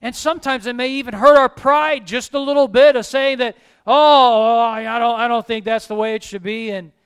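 A male pastor with a high, smooth, resonant voice preaches briskly with fairly even intonation. He moves between emphatic, rising calls and soft, quiet asides, keeping a preacherly tone all the way through.

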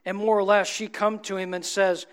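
A man preaching a sermon, asking the congregation rhetorical questions and swinging between emphatic peaks and low, soft drops. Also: little pitch movement, normal speed, smooth.

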